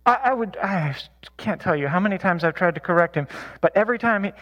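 High-voiced man teaching a casual Bible class. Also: lively intonation, fast, a bit bright, muffled recording. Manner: chatty, many fillers and self-corrections. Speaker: church Bible study teacher. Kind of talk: casual teaching talk with anecdotes.

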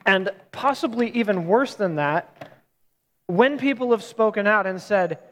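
A man with a high voice preaches in a relaxed, chatty way. He often stops to correct himself. His voice rings with the long reverb of a large hall. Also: unhurried. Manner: casual, conversational retelling with self-corrections. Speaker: pastor. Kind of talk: sermon.

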